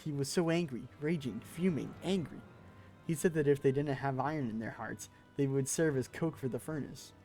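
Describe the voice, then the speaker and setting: A man's voice: medium pitch, normal speed, dark tone, faint music behind, close to an everyday voice. A man voicing a timid, pleading little male kobold in a game, with an odd put-on accent and repeated words. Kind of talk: reading game dialogue aloud.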